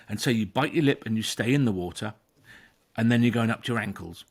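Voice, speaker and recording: A man's voice: medium pitch, fast. Emphatic man explaining. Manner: animated, emphatic, acts out inner voices. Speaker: therapist and podcast host. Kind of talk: conversational explanation.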